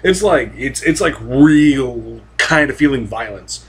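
A man's voice: mid-range voice, animated, takes it slowly, slightly rough. A young man talking casually and rambling about anime, swearing freely and restarting his sentences with lots of fillers. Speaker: anime vlogger.

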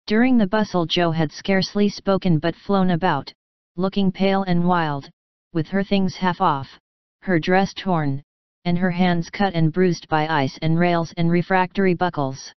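A woman narrating a classic novel as a bedtime audiobook, in a steady, measured manner. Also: on the low side, clear, resonant tone, dry recording, muffled recording. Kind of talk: scripted storybook narration.

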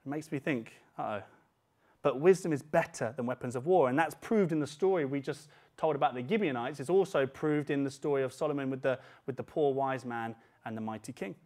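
A man preaching a sermon as pastor, chatty and plain, slowing down to quote scripture. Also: mid-range voice, a little mellow. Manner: conversational, slows for scripture quotes.

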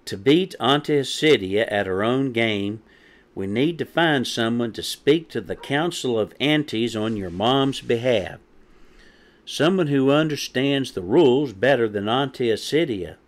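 A man voicing a bratty, smug young hen in a storybook reading, with a squeaky, snide sing-song voice. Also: animated, a little slow, lightly acted. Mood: exasperated.

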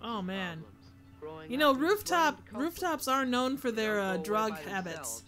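A woman's voice: on the high side, sing-song, slow, over music. A woman in casual comedic commentary, reacting with giggles and exclamations.

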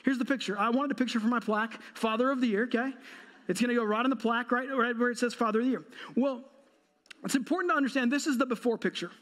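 A pastor in his thirties, whose voice is strikingly high for a man, preaches in church by telling a humorous, self-mocking story. He uses a storyteller's timing at a quick pace, and his tone is a bit bright.

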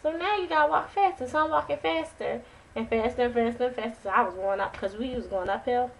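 Woman vlogger, high-pitched, animated casual storyteller. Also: quick pace, gravelly, poor audio. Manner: animated, chatty, dramatic retelling.

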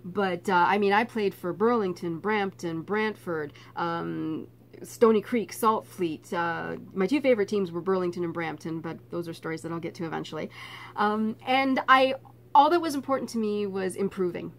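A middle-aged woman from Canada telling a personal story in a casual vlog, laughing often and getting animated. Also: mid-range voice, moderate pace, a little hiss or hum. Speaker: vlogger.

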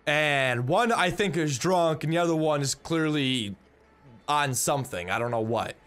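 A man's voice: on the high side, expressive, normal speed, fairly bright tone. A young man telling a story in a casual, rambling way, often repeating words and swearing bluntly. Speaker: vlogger.

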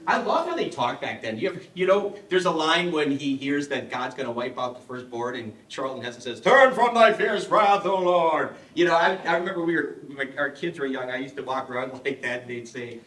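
A man's voice: medium pitch, expressive, fairly quick, hardly any pauses, fairly bright tone. Middle-aged man teaching in an echoey hall. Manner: humorous, asks the audience questions. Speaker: parish adult education speaker. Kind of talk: conversational teaching talk. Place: parish hall. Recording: echoey hall, mic far off.

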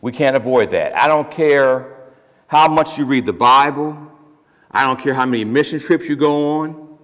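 A male pastor preaches to his congregation in a plain, conversational way and leans hard on his key words. His voice sits at a middle pitch. A long reverb trails each phrase through the church. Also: moderate pace, fairly bright tone. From Ohio. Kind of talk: sermon. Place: church sanctuary.

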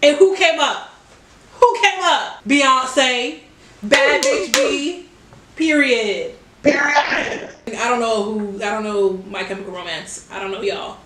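Young woman, high and unhurried, excitable music-reaction vlogger, faint music behind. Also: reverberant, a little hiss or hum. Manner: excitable, exclaiming and swearing, cheering at the song. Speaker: reaction video creator. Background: music playing from a speaker.

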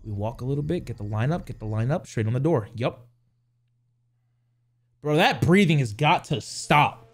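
A man's voice: medium pitch, animated, moderate pace, pauses often. A young man playing a horror game, jumpy and swearing as he talks to his chat. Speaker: gaming youtuber. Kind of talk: horror game let's play commentary.

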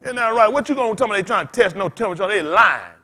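A man preaching in loose storytelling style as a pastor, blunt and cussing, laughing as he swings between loud bursts and quiet asides. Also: sits high, animated, racing. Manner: blunt, street-talking, cussing. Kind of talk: storytelling sermon.

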